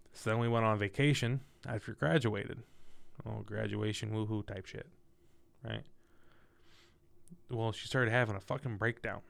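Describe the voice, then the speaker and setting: A young man casually telling a personal story in a candid, profane, animated way. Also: fairly low pitch, gravelly.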